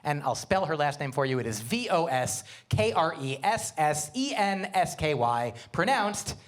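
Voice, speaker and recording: A middle-aged man doing a stand-up comedy set, animated, with quick asides and wordplay. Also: on the high side. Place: comedy venue with live audience.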